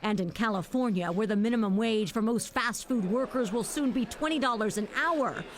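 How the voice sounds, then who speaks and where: Bright-voiced female TV reporter. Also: a little high, normal speed. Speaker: TV news reporter. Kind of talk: TV news report. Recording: ambient noise on location.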